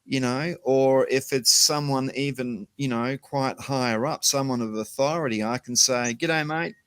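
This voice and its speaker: A man's voice: medium pitch, steady tone, moderate pace, fairly bright tone, clear, resonant tone, no room sound. A middle-aged man chatting casually as an interview guest, hesitant with many fillers. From Australia. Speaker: guest, company CEO.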